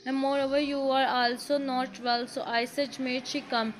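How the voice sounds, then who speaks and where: A woman's voice: high voice, level tone, moderate pace, slight background noise, natural voice, rough recording. A woman voicing a caring young man who talks in a worried, insistent way, in a read-aloud fan fiction story.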